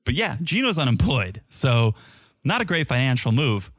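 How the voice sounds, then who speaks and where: A man co-hosts a podcast recapping a reality show, offering wry, sarcastic commentary in a casual chat. His mid-range voice is a bit bright and sing-song, moving at a moderate pace on a dry, studio-quality recording.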